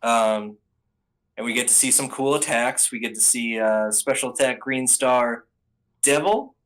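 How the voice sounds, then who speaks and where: A man's voice: medium pitch, measured pace, fairly bright tone, low-quality recording. A man giving a casual, rambling spoken recap of anime episodes, full of ums and restarts.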